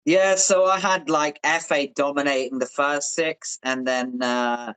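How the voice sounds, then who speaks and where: A man co-hosting a podcast, giving calm, measured analysis of a boxing match in a casual chat. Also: a little high, clean tone, dry recording, poor audio. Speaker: podcast co-host.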